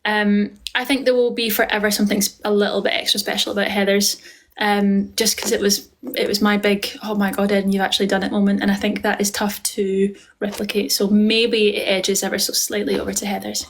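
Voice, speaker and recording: A woman's voice: mid-range voice, little pitch movement, brisk. A woman with a Scottish accent, hosting a casual live stream and chatting affectionately with viewers as she answers their questions. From Scotland. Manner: chatty and affectionate, calls viewers darling and lovely. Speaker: live-stream host and musical theatre performer.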